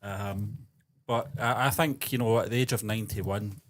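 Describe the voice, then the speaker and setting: A man co-hosting a podcast, reading news in a measured way and chatting with hesitant pauses. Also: on the low side, steady tone, noisy background. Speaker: co-host. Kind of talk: news reading and casual chat.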